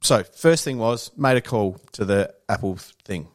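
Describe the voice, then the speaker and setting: A man's voice: lowish voice, lively intonation, a little slow. An Australian man in casual podcast chat, swearing freely and acting out the people he quotes. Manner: swears often, acts out quoted dialogue.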